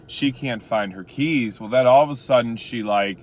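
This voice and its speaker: A man's voice: mid-range voice, moderate pace, slight background noise. A rideshare driver from Chicago, telling a story casually and packing his talk with "like" and "you know". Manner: chatty, lots of "like" and "you know".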